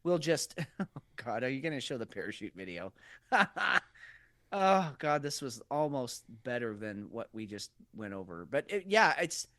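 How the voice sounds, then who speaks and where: A man co-hosting a podcast in casual political chat, animated and profane, acting out quoted voices. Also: on the high side, no room sound, studio quality. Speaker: podcast co-host.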